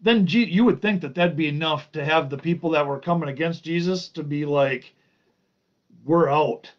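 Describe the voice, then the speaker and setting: A man's voice: a little high, fairly quick, muffled recording. A man teaching an informal Bible study, reading and explaining scripture, stressing and drawing out key words.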